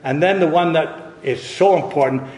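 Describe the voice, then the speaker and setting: A man's voice: a little high, moderate pace, a little mellow. An older Canadian man and missionary preacher, giving a sermon testimony with a chuckling, self-deprecating storytelling manner, recorded in a large hall. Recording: echoey hall with long reverb.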